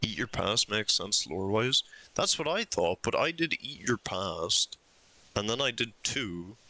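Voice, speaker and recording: A man's voice: on the low side, sing-song, a little slow, sharp tone. A young man streaming a puzzle game, thinking aloud and arguing his case insistently with himself. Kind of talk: live game commentary.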